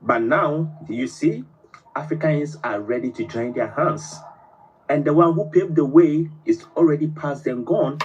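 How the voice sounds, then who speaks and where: A man's voice: on the high side, measured pace, a little mellow, slightly rough, lo-fi sound. A man from Ghana, calling in with a fervent, speech-like plea. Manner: fervent, builds to oratory. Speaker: caller. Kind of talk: impassioned call-in speech.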